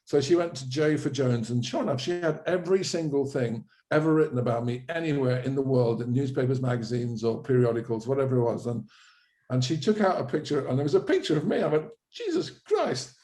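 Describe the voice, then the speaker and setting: A middle-aged man telling an anecdote as an interview guest, lively and self-correcting, with quick asides. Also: medium pitch. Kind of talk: anecdotal storytelling.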